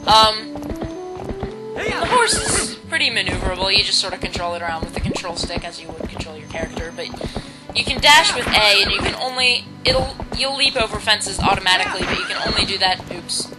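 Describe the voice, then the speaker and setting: A woman hosting a casual video game playthrough, chatty and self-mocking, now and then bursting into loud shouts. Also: medium pitch, big pitch swings, brisk, rough recording. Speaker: let's play host. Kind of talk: casual gameplay commentary. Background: video game music.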